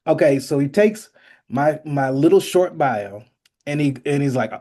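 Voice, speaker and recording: A man hosting a podcast in casual chat, telling stories in an animated way and joking dramatically. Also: fairly high pitch, unhurried. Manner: animated storyteller, jokes dramatically. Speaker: podcast host.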